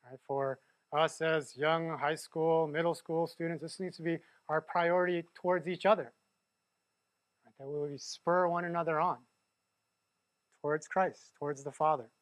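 Male pastor, casual sermon delivery, higher pitch, constant "right?" tags. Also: steady tone, normal speed, no room sound. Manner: conversational, keeps asking "right?".

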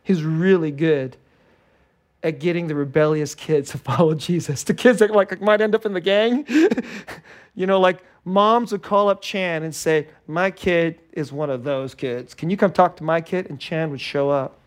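Guy pastor preaching, higher voice, gets really animated and acts stuff out. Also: moderate pace. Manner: animated, acts out scared and joyful voices, laughs often. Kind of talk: sermon.

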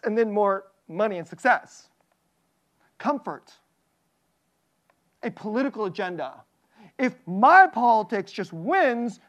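Pastor preaching, animated and chuckling, lots of questions to the congregation, mid-range voice. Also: mid-range voice. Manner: animated, laughs often between phrases; asks the audience many questions. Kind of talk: sermon.

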